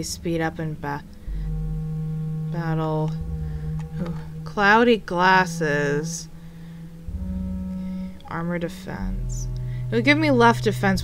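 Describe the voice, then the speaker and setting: Slow, wry woman playing a game. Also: sits low. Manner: unhurried, wry, talks to herself. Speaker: let's player. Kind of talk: casual game commentary. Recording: game music behind.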